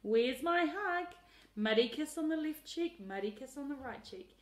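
A woman voicing a loud, gushing auntie who smothers her nephew with kisses. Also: big pitch swings, a little slow. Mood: hollering. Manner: booming, overly affectionate. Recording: roomy echo.

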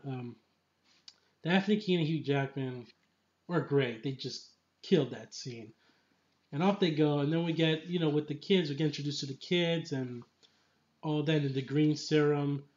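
A man's voice: fairly high pitch, darkish tone, muffled recording. A man giving a casual, enthusiastic film review, rambling with lots of filler phrases. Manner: enthusiastic, rambling, full of "you know".

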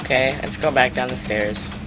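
A young man giving casual, rambling commentary on a shooter game, mocking himself and loudly taunting the enemies. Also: medium pitch, moderate pace. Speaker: gaming YouTuber. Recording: game music playing behind the voice.

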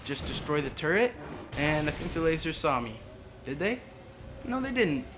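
A man with a slightly high voice chatting loosely over his gameplay. He wanders off onto tangents and talks to his viewers as he goes. His delivery is relaxed and conversational. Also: moderate pace, background noise. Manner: rambling, chatty, side tangents. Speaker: gaming channel host. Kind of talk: casual gameplay commentary.

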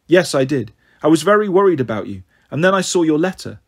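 A man voicing a kind male schoolteacher who talks gently and apologetically in a storybook reading. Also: on the high side, very animated, fast talker, husky, heavily acted. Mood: apologetic.

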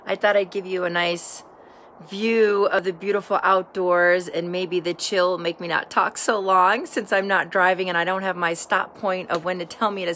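A woman's voice: mid-range voice, pushed and bright, a little hiss or hum. A woman filming herself outdoors, talking earnestly and encouragingly straight to her viewers about gratitude. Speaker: vlogger sharing daily gratitude. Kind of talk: casual heartfelt self-filmed talk.

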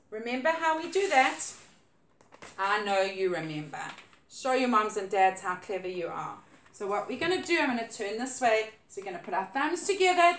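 A woman giving an online lesson to young children, in a sing-song, animated and encouraging way. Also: on the high side. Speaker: early-years teacher. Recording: echoey room.

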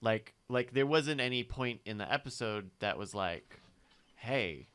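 A man's voice: medium pitch, moderate pace, a bit bright, clean tone. A man co-hosting a podcast, chatting in an easygoing way with hesitant fillers. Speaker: podcast co-host. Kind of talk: casual chat.

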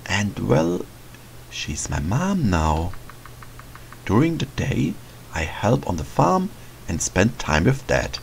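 A man gives voice to a timid, kind little scarecrow boy who speaks in halting, earnest bits. The voice stays low and gravelly and moves slowly, with lively changes in pitch. A faint hiss sits behind it. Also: heavily acted, poor audio. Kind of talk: reading game dialogue aloud in a let's play.

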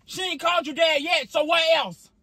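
A woman's voice: very high voice, moderate pace, pushed and bright, no room sound, clean studio sound. A woman, arguing casually with her boyfriend in a parked car and brushing off his demands over and over. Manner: exasperated, dismissive, repeats herself. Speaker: vlogger, girlfriend. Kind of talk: casual argument.

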